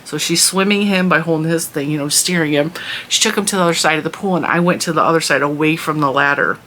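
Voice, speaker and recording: A woman's voice: deep voice, fast, fairly bright tone, slight background noise. A woman telling a long story in a casual vlog, chatty and rambling with lots of restarts. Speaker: vlogger and mother.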